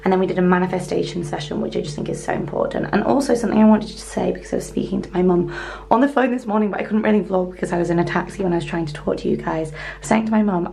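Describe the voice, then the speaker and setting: A young woman vlogging casually from a hotel room, gushing and excitable with soft whispered asides, her voice going hoarse. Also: lowish voice, a little hiss or hum. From northern England. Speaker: lifestyle vlogger. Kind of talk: casual vlog chat.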